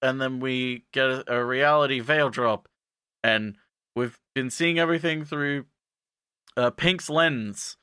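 A man casually recapping an anime for a podcast, acting out the characters' lines in quick, jumpy put-on voices. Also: bright, forceful tone, clean tone, no echo, studio quality. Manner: acts out characters in quick quoted voices, jumping up in pitch.

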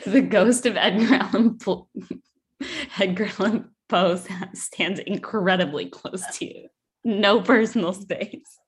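A woman's voice: mid-range voice, measured pace, husky. A woman co-hosting a podcast in casual chat, playful and giggly. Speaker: podcast co-host.

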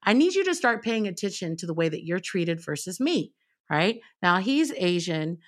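A woman's voice: on the low side, big pitch swings, moderate pace. A woman radio personality as a podcast guest, telling stories in an emphatic, conversational way. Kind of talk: casual chat.

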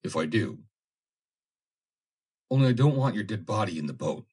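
A grim, stern man who gives hard orders in a quiet voice, as a male narrator voices him. The voice sits deep and low, with a husky, breathy edge. It comes from a storybook reading. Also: big pitch swings, normal speed. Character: grim, stern young man commanding in a crisis.

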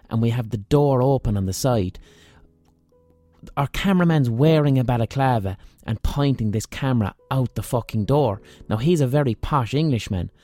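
Irish male podcast host, mellow dark tone, dry close-mic sound with faint music under it; rambling, sweary, self-mocking storyteller. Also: medium pitch, no echo. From Ireland. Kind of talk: casual storytelling monologue.

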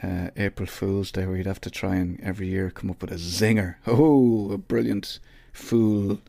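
A man's voice: low voice, steady tone, normal speed, vocal fry, mellow, dry recording. An Irish man hosting a podcast, chatting casually and rambling, mocking himself as he goes. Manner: rambling and self-mocking, with many restarts. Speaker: podcast host. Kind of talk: casual solo chat.

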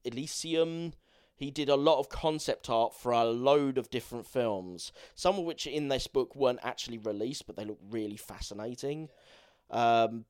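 A man talks through a film on a podcast in loose, enthusiastic, rambling chat. He has a mid-range voice and swears casually as he goes. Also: medium pitch. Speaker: podcast co-host.

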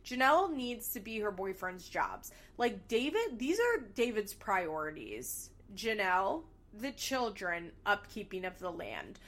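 A woman's voice: medium pitch, very animated, measured pace, few pauses, a bit bright. A young woman casually recapping a reality show, candid and sarcastic, swearing freely as she gossips about the cast.

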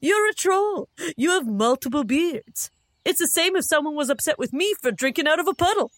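A woman's voice: high voice, lively intonation, normal speed, a bit bright, no echo, studio quality. A woman voicing a blunt, cheerful goblin in a comedy sketch, matter-of-fact and giggly. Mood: upbeat. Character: blunt cheerful goblin roommate, proud of scaring people.

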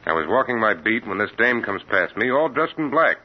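A man's voice: on the low side, sing-song, brisk. An actor playing a plain-spoken beat cop in a 1940s radio drama, matter-of-fact in his street talk. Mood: puzzled. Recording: old radio broadcast, dull with faint hiss.

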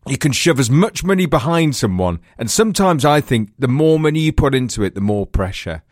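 A man's voice: medium pitch, big pitch swings, fairly quick, darkish tone, dry recording, studio quality. A man co-hosting a film podcast, chatting casually and laughing easily. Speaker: podcast co-host. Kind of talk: casual chat.

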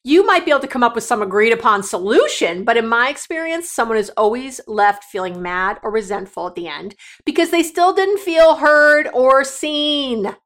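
A woman's voice: fairly high pitch, expressive, moderate pace, hardly any pauses, a bit bright. A middle-aged woman hosting a solo podcast, talking straight to her listeners in a direct, coaching and emotional way. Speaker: podcast host.

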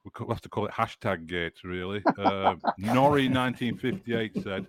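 A northern English man from around Burnley hosts a casual football podcast, chatting away and restarting words often. His voice sits on the low side at normal speed, with crowd noise behind him.

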